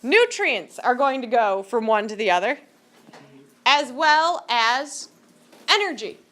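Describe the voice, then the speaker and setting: A woman lectures her high school class in a classroom, with a fairly high voice that swoops up and down. She teases the students and keeps asking them questions. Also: big pitch swings, slow, fairly bright tone. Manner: joking, teasing, asks the class questions. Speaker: high school biology teacher.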